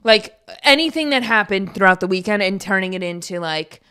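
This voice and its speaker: A woman's voice: brisk, smooth. Chatty young woman podcast host. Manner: chatty, rambling storyteller with many fillers; animated, jumps in pitch when excited. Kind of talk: casual chat.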